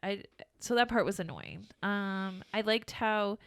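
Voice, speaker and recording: A woman's voice: mid-range voice, measured pace, smooth, no echo, clean studio sound. A young woman co-hosting a podcast, chatting casually with frequent restarts and laughs. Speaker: podcast co-host. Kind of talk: casual chat.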